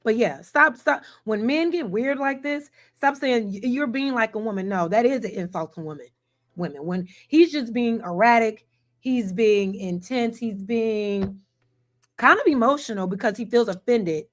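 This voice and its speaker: A woman hosting an online commentary show, reacting to a panel clip in an animated, emphatic way and speaking to her chat. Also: fairly high pitch, unhurried. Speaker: commentary host.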